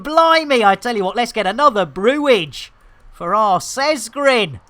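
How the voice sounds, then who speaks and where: A middle-aged man with a British accent rambles through a live game stream, cheeky and chatty. His voice is bright and forward. Bursts of excitement break up the banter. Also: extremely high pitch, unhurried. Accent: British English. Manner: chatty, jokey, excitable exclamations. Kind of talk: casual live-stream chat.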